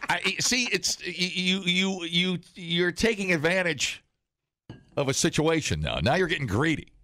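A man co-hosting a podcast, chatting casually in a rambling, halting, self-mocking way. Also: high-pitched, expressive, bright, forceful tone. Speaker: podcast co-host. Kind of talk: casual chat.

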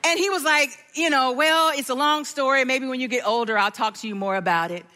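A middle-aged woman with a high voice preaches briskly in a large hall. Her sermon centers on a personal story, told with animation as she acts out the voices of the people involved.

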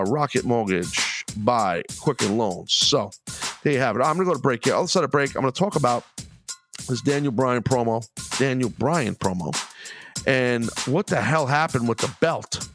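A man's voice: mid-range voice, a bit bright. A middle-aged man hosting his own podcast, ranting angrily and rambling with plenty of swearing. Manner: angry, profane, rambling. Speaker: podcast host.

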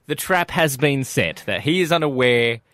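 A young Australian man co-hosting breakfast radio, mock-dramatic and animated, laughing often, on a studio mic. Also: mid-range voice, normal speed. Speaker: radio breakfast show co-host. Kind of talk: casual on-air banter. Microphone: studio microphone.

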